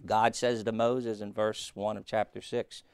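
Smooth-voiced man preaching a casual sermon. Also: on the low side, little pitch movement, a little slow, no room sound. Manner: asks listeners rhetorical questions; folksy, plainspoken. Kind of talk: conversational sermon.

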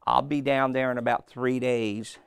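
Man, preacher, gravelly, smooth, dry close sound, storytelling sermon. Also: medium pitch, moderate pace, dry recording. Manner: animated storytelling, acting out voices, asks the crowd questions.

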